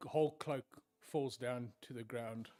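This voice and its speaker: A man narrating a tabletop game as game master, often sinking to hushed tones for dramatic moments. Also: medium pitch, fairly even intonation, a little slow, dry recording, soft background music.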